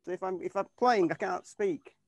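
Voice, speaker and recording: A man's voice: high voice, normal speed, gravelly, no room sound. A man, a tribute band keyboardist, chatting in an interview over a video call. He rambles and restarts often, with plenty of fillers. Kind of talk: casual interview chat.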